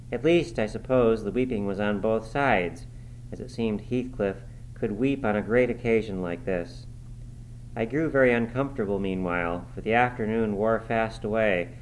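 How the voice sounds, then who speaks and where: A man reading a classic novel aloud in a measured, dramatic first-person narration. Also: on the low side, slight background noise, low-quality recording. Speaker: audiobook reader.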